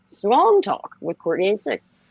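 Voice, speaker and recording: A woman with a lisp chats loosely on a late-night livestream, giggly and easily sidetracked. Her voice is gravelly and breathy, and her pitch swings widely as she talks. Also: wildly swooping pitch, unhurried, darkish tone, lo-fi sound. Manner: giggly, scattered, laughing often. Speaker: livestream co-host.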